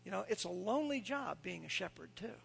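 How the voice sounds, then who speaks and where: Gravelly high-voiced man preaching. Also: expressive, brisk, faint music behind. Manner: folksy storytelling that drops to a hushed near-whisper for scripture. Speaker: pastor. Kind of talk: sermon.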